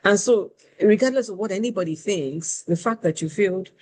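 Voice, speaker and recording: A woman host tells a personal story in a relaxed conversational flow. She is candid and animated and pokes fun at herself as she talks. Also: medium pitch, brisk, a little hiss or hum. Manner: candid, animated, self-deprecating.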